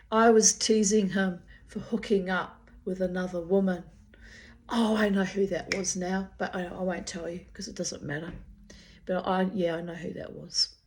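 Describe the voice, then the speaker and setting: An older Australian woman reading aloud from her old diary with candid, chatty asides and frequent swearing. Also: medium pitch.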